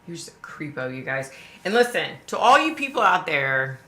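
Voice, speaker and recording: Female live-stream host, low tense voice, chatty and emphatic, echoey room. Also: very animated, moderate pace, a bit bright, a little hiss or hum. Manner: chatty and emphatic, addresses viewers directly. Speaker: livestream host. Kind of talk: casual live-stream chat to viewers.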